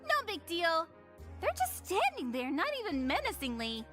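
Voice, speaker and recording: A woman's voice: very high-pitched, wildly swooping pitch, moderate pace, a bit bright, faint music behind, heavily acted. A woman voicing a cheerful, teasing teenage girl who is a stage magician, in a fan-made game. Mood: playful. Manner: bubbly, teasing.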